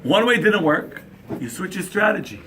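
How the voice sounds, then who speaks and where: Animated rabbi telling parenting stories. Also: male voice, high voice, moderate pace, noisy background. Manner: animated storyteller, acts out dialogue, asks the crowd questions. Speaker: rabbi giving a talk on parenting. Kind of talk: lively sermon to an audience.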